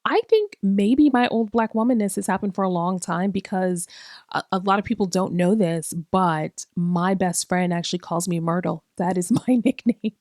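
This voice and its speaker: A woman's voice: medium pitch, moderate pace, a little mellow, no echo, clean studio sound. A woman in her forties hosts a podcast in a casual, comedic monologue. She talks loosely and profanely, asks rhetorical questions and laughs often at herself. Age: 40s. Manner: chatty and self-mocking, laughing often. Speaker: podcast host.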